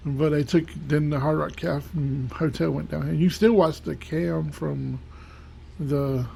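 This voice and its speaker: A man's voice: fairly high pitch, steady tone, a little slow, gravelly, warm tone, a little hiss or hum. A man hosting his own show in a rambling, casual monologue full of fillers, on a home desk microphone. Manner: rambling, many fillers and restarts. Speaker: podcast host.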